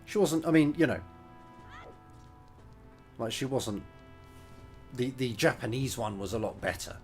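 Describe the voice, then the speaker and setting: A man's voice: mid-range voice, animated, unhurried, darkish tone, soft background music. Chatty British man streaming a game. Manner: chatty, opinionated, rambling asides. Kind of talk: casual gameplay commentary.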